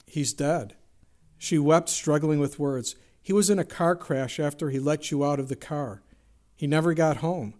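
Guy preaching, earnest storyteller, voice sits a bit high. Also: unhurried, darkish tone. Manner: earnest storytelling, quotes scripture, asks rhetorical questions. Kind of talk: sermon with illustrative story.

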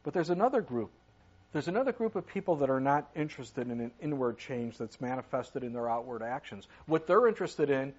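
An older man preaching a sermon as a pastor, reading scripture aloud and swinging between loud emphasis and quiet asides. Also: medium pitch, expressive, a little fast, husky, dull audio. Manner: preaches with sudden rises and drops in loudness, reads scripture aloud.

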